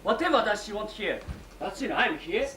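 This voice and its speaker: A woman's voice: medium pitch, sing-song, normal speed, fairly bright tone, slight background noise. A woman playing a heartbroken young man in an amateur stage comedy, pleading and melodramatic. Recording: echoey hall, distant mic.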